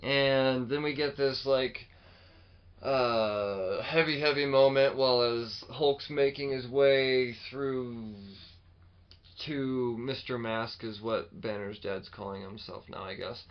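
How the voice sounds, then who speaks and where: A man co-hosting a podcast, chatting casually and animatedly about comics, swearing freely and acting out lines in quick bursts. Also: mid-range voice, lo-fi sound. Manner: animated, swears often, acts out quotes. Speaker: podcast co-host. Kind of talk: casual chat.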